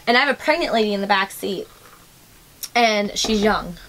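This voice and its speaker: A woman's voice: mid-range voice, expressive, normal speed, a bit bright, a little hiss or hum. A young adult woman hosting a casual podcast, telling stories animatedly and swearing freely. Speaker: podcast host. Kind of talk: casual chat, storytelling.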